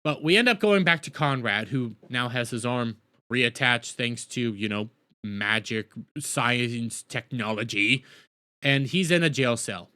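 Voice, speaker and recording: A man's voice: mid-range voice, bright, forceful tone. A man casually recapping and reviewing a TV episode, rambling and sarcastic, openly exasperated.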